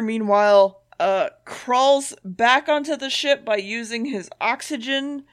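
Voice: medium pitch, a bit bright. Sardonic podcast host recapping casually. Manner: loose, sardonic retelling with swearing.

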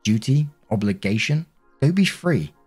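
A man's voice: medium pitch, lively intonation, unhurried, darkish tone, breathy edge, soft background music, voice pushed up. A man reading a bitter, accusing woman. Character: critical, accusing adult woman partner. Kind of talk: story reading.

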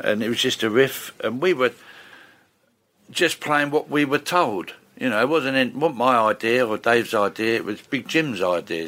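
Older bloke, bright sharp voice, chatty, lots of restarts. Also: male voice, mid-range voice. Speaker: session bass player guest. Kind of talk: casual storytelling interview.

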